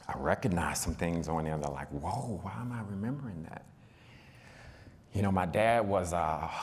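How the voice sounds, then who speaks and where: Deep-voiced man in an echoing hall. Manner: relaxed and conversational, with frequent fillers. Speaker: panel speaker. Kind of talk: personal storytelling at a panel talk. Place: event hall. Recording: reverberant hall.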